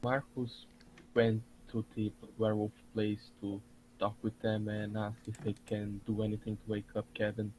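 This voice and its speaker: A man playing in a tabletop game who speaks in a hesitant, halting way. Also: lowish voice, monotone, mellow, a little hiss or hum, poor audio. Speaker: player. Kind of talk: casual chat at a tabletop game.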